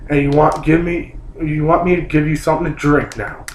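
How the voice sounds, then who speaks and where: A man mimicking a rude, scolding waitress in a higher, snippy voice, in an echoey room. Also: fairly even intonation, a little fast, darkish tone, a little hiss or hum, natural voice. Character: rude impatient southern waitress, woman. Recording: roomy echo.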